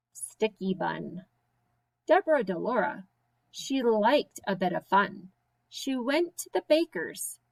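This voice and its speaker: A woman teacher reading silly children's poems aloud with slow, sing-song, playful emphasis. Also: medium pitch, poor audio. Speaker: special education teacher.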